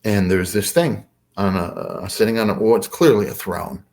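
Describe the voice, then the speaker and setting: A man's voice: on the low side, normal speed, darkish tone. A man who is a podcast guest, telling a story casually and hesitantly, with many fillers.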